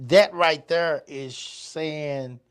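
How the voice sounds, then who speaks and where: A man's voice: fairly high pitch, very slow, clean tone. A middle-aged man hosting a casual podcast chat, profane and joking, stammering and laughing often. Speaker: podcast host.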